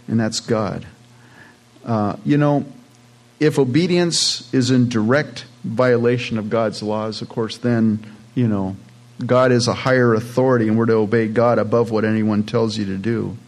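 A man's voice: mid-range voice, measured pace, a little mellow. A man preaching a sermon in a plain, conversational way, with casual asides to his congregation. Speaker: pastor.

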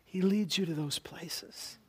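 A man from Canada preaching a sermon as pastor, earnest, dropping to hushed tones when he quotes scripture. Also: sits high, slow, breathy edge.

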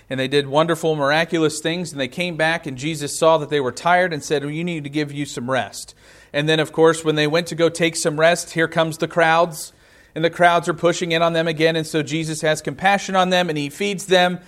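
A man's voice: a little high, a bit bright. A man preaching a sermon, reading scripture aloud and explaining it with rhetorical questions.

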